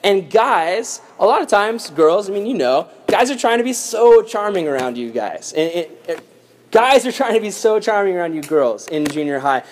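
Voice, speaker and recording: A young adult man preaching a casual, lively youth sermon. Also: high-pitched, normal speed. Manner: lively, casual storytelling with slang. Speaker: youth pastor.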